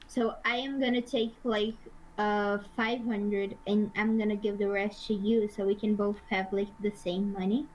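A woman's voice: medium pitch, little pitch movement, moderate pace, darkish tone, low-quality recording. A young woman playing a tabletop game, chatting casually with lots of fillers and frequent giggles. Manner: giggly, hesitant with many fillers. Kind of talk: casual in-character game chat.

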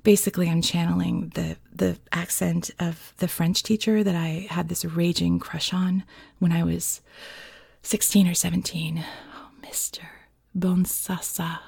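Woman host, casual chat, self-deprecating, husky, gravelly, half-whispered, dry sound. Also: on the low side, level tone, normal speed, a little mellow. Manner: chatty, self-deprecating, laughing, nervous; often whispering. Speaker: host reading listener scripts.

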